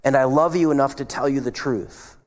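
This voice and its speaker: A man preaching a sermon as pastor, retelling scenes and dropping his voice low for asides. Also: fairly quick. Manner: acts out quoted voices, drops to a hush for asides. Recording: long hall reverb.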